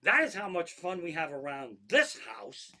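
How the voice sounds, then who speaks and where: Brief: male comic spinning swear-heavy, rambling home stories in a bright, slightly high voice. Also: normal speed. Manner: profane, rambling, lots of restarts, animated. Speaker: comedian. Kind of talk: stand-up style storytelling monologue.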